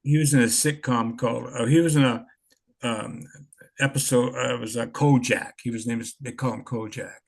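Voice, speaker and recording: A man's voice: mid-range voice, steady tone, normal speed, gravelly. A man in his sixties telling stories in a rambling, laid-back way, swearing often. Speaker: interviewee, punk musician. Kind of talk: casual storytelling.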